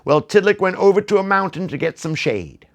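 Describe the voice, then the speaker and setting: Man, children's storyteller, gravelly, lively, playful, talks to the kids. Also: high-pitched, brisk, dull audio. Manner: playful, theatrical, talks to the audience.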